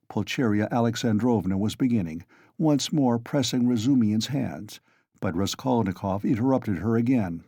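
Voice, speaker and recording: A man narrating an audiobook with a steady, expressive reading. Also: fairly low pitch, normal speed, husky, no room sound, clean studio sound.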